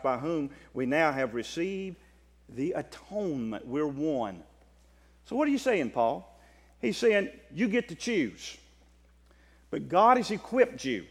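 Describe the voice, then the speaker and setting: A Southern American preacher delivers a sermon in a high voice, swinging between loud stretched-out proclamations and hushed rapid asides. His voice carries a long reverb, as though filling a large hall. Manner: impassioned, swings from loud drawn-out declarations to quiet fast asides.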